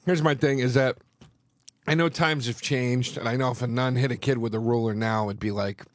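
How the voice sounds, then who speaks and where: A man's voice: mid-range voice, steady tone, a little fast. A man talking as a guest on a radio show, rambling with restarts and casual swearing, at a studio microphone. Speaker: guest comedian.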